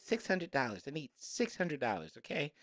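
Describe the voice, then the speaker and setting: A man co-hosting a podcast, telling stories in a rambling, animated casual chat. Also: a little high, moderate pace. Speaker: podcast co-host.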